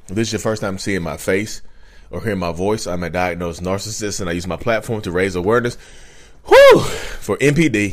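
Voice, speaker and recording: A man in his thirties hosting a casual vlog, talking animatedly and repeating himself while speaking straight to his viewers. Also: low voice. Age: 30s. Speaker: YouTube host.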